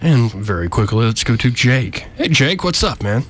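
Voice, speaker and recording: A man's voice: medium pitch, moderate pace, husky. A man hosting a call-in radio show, joking with callers and his co-host. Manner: joking, animated.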